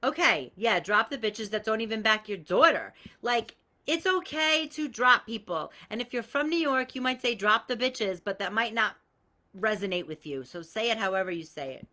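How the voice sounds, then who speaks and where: A woman's voice: a little high, animated, normal speed, sharp tone. A woman hosting a live coaching call, talking bluntly and swearing freely as she gives everyday examples and greets viewers by name. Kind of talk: casual live-stream coaching talk.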